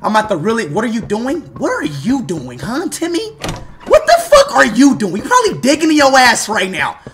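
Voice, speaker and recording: A man streaming live gameplay, cursing and swinging between low muttering and sudden shouting. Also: wildly swooping pitch, a little fast.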